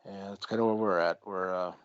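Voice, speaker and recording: A man's voice: low voice, steady tone, fairly quick, clean tone, dry recording. A man hosting a podcast in casual chat, talking bluntly with plenty of swearing and rambling asides. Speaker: podcast host. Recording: dull lo-fi audio.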